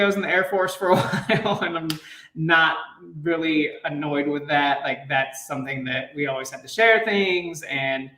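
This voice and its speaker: Laid-back dad rambling to his viewers, laughs a lot, kinda high voice, echoey room, sits back from the mic. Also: a bit bright, distant mic. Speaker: fitness coach and dad. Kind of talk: casual live chat to viewers. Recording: roomy, off-mic.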